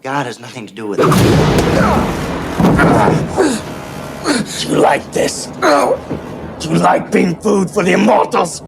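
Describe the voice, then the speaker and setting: An actor playing a menacing male vampire, with a quick, low, taunting delivery in a film scene, heard as a noisy clip played back. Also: huge pitch swings, creaky, heavily acted. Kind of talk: film drama dialogue.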